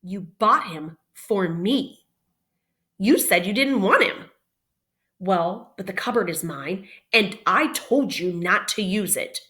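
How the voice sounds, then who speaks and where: A woman's voice: medium pitch, lively intonation, slow, pushed and bright. A woman voicing a careful, slightly stern boy who speaks firmly and coaxingly.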